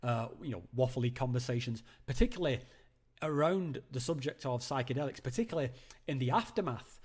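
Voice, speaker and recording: A man hosts a live call-in show from home. He talks casually at a middle pitch, rambling through fillers and restarts. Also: animated, a little fast, a little mellow, husky. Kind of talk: casual live-stream chat.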